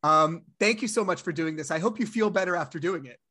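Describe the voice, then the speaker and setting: A man's voice: on the high side, fast talker, pushed and bright. A man hosting a podcast interview, casual and affirming toward his guest. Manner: supportive, affirming, says "man" and "dude". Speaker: podcast host.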